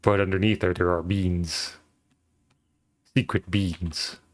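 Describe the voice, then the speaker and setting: A man's voice: deep voice, steady tone, slow pace. A man streaming while he draws, chatting casually in a rambling, playful way with lots of fillers.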